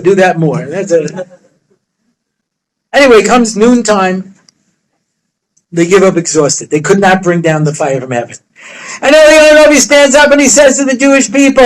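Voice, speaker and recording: A man's voice: very high-pitched, poor audio. A man, a rabbi, telling a story in a lecture with humor, acting out the characters' voices. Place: study hall.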